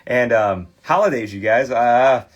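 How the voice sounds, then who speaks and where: A man's voice: medium pitch, measured pace, lo-fi sound. A man in his thirties with a Midwestern American accent, hosting a casual livestream and chatting loosely with viewers while he works, full of fillers and restarts. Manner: rambling, friendly, many fillers and restarts. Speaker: host of a card cleaning livestream.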